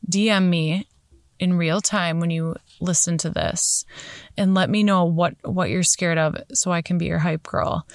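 An earnest, encouraging woman in her thirties speaks straight to her podcast listeners, calling them "you guys" as she cheers them on. Her voice sits at an ordinary middle pitch for a woman. It is recorded close on the mic, with a dry sound and no room echo. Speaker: podcast host. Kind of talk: motivational podcast monologue.

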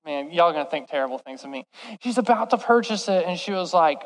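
A young male preacher with a high, bright voice tells a story with animated, self-mocking energy. He slips into voices for the people in his story. A long reverb from a large hall trails his words. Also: a little fast. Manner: animated, self-deprecating, acts out quoted voices. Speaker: youth preacher. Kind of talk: storytelling sermon.

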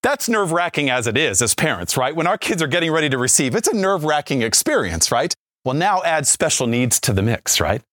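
A man in his forties, a Catholic speaker and former youth minister, telling a story with lively acted-out quotes and frequent asides of "right?". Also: fairly high pitch, fairly quick, no room sound, studio quality. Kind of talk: storytelling faith talk.

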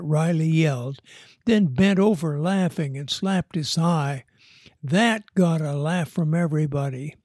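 A man reading a story aloud in an unhurried, measured way. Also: a little high, a little mellow, no room sound, studio quality. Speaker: narrator.

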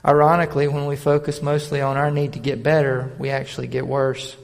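A man preaching a sermon as pastor, with a gravelly voice that builds to emphatic raised delivery. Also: medium pitch, monotone, fairly quick, big-room sound.

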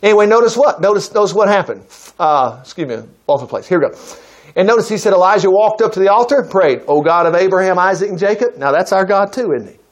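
A man's voice: expressive, fast talker. A man preaching a sermon in an emphatic, conversational way. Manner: emphatic, conversational preaching with sudden pitch jumps.

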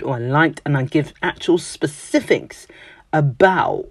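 A speaker from London with a London accent, talking in a casual monologue, emphatic and expressive, often mimicking everyday phrases. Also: mid-range voice, normal speed, no echo. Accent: London English. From London, England.

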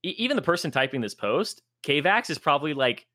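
A man's voice: a little high, fairly quick, no echo, clean studio sound. A man co-hosting a casual gaming podcast, ranting in an exasperated way, swearing freely and laughing at his own jokes. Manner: swearing, exasperated, animated rants with laughing asides. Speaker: podcast co-host, former esports commentator.

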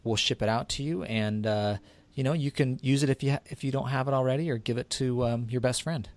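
Steady, explaining radio co-host. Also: male voice, medium pitch, brisk, no room sound. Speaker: co-host of a tax and legal radio show. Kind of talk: casual radio talk.

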